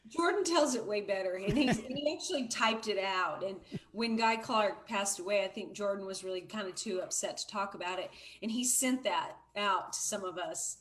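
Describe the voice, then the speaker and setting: A middle-aged woman talking as a guest on a livestream, telling stories in a chatty, relaxed way. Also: medium pitch, moderate pace, few pauses, a little hiss or hum. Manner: chatty storyteller. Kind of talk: casual conversation.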